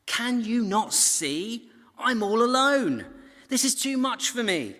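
An exasperated woman, worn out by endless chores, pours out indignant complaints in a high, shrill voice, as a man puts her on. Her pitch swoops and climbs as she protests. The voice rings with the long reverb of a hall. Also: big pitch swings, slow pace, bright, forceful tone, heavily acted. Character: exasperated overworked woman fuming about her idle sister.

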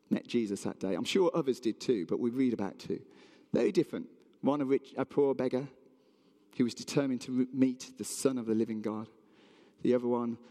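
Lively preacher in an echoing hall. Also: male voice, a little high. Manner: animated storytelling, asks the audience questions. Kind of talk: sermon.

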